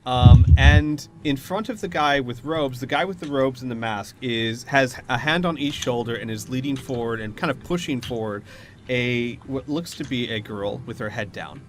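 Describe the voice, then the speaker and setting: A man's voice: medium pitch, moderate pace, a little hiss or hum. A man narrating scenes and explaining rules as the game master of a tabletop role-playing game, in a chatty, descriptive way.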